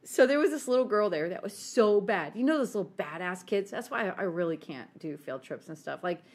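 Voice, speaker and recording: A woman co-hosting a podcast, telling a story in an animated, giggly way and acting out the quotes. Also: medium pitch, a little fast. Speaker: podcast co-host. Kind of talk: casual storytelling chat.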